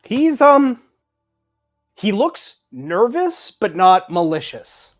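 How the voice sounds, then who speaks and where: A woman's voice: mid-range voice, very animated, takes it slowly, soft background music. A Canadian woman narrating a tabletop game as game master, rambling with lots of fillers and laughing at herself.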